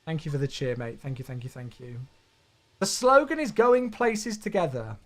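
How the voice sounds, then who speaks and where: A man's voice: on the high side, big pitch swings, normal speed. A man streaming a flight simulator, chatting casually with viewers, thanking them and joking to himself.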